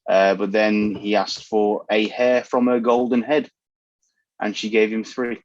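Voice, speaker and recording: Low-voiced man on a dull, lo-fi mic. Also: little pitch movement, a little slow, dry recording. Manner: dry, plain-spoken, detailed answers. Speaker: podcast guest. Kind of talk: casual chat.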